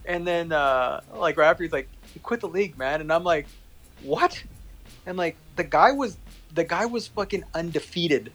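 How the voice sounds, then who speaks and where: A man in casual chat, telling a story in a profane, animated way and acting out quoted lines. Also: fairly high pitch, moderate pace, low-quality recording.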